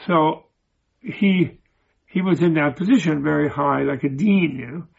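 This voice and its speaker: Gravelly, husky man teaching in halting speech. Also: on the high side, muffled recording. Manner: halting, repeats and restarts words, digressive. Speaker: Buddhist teacher. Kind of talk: informal spoken teaching with storytelling.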